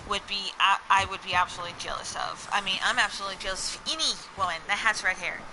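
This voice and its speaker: A woman with a slight Southern accent talks to her viewers in a loose, rambling flow that leans on fillers. Her voice is very bright and sharp. A faint hum of noise sits behind her. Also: mid-range voice, low-quality recording. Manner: rambling, stream-of-thought, heavy "like" and "you know" fillers. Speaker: vlogger. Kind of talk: casual chat to viewers.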